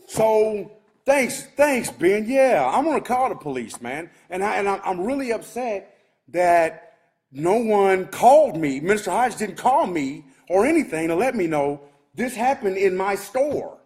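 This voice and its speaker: A man's voice: high voice, lively intonation, unhurried, darkish tone. A married man, ranting in a rambling, agitated way to his live viewers from inside his shop. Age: adult, married with kids. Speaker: vlogger talking to live viewers. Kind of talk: casual live-stream rant.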